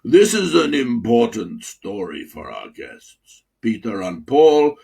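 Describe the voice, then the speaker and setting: A man voicing an older Russian medical dean with a Russian accent and a deep velvety voice, telling a teasing story slowly and theatrically. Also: big pitch swings, gravelly, dark tone, husky, full character voice. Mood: sly storytelling. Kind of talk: memoir reading aloud.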